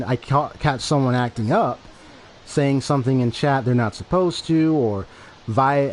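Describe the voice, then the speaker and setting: A man streaming a game and talking to his chat from a home setup, speaking into a desk microphone. He rambles and repeats himself as he explains his point over and over. His voice sits at a medium pitch, with a faint hiss behind it. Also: darkish tone. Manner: rambling, repetitive, defensive explaining. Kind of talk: casual livestream talk to chat.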